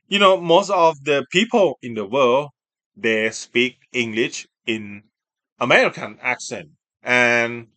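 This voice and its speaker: A man, an English speaker, hosting a casual chat and talking in halting, self-correcting phrases. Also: mid-range voice, fairly bright tone, dry recording. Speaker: video host.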